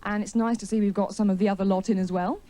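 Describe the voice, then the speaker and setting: A woman's voice: mid-range voice, steady tone, fast talker, background noise. A woman doing a stand-up routine in a TV studio before a live audience, telling a story with chatty, wry self-mockery and teasing the crowd. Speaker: stand-up comedian.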